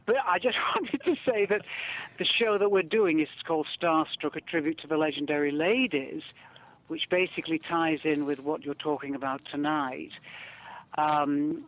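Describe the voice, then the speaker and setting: A man's voice: fairly high pitch, steady tone, moderate pace. Effusive Northern English man, lo-fi sound. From north of England. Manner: effusive and theatrical. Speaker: guest performer. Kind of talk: casual chat. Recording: dull lo-fi recording.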